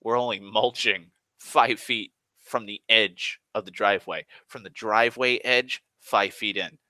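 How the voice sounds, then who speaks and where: A man's voice: fairly low pitch, steady tone, a little slow, sharp tone, no echo. A man telling a work story as an exasperated, swearing rant, often restarting his sentences. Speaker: online storyteller. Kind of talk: profane rambling rant.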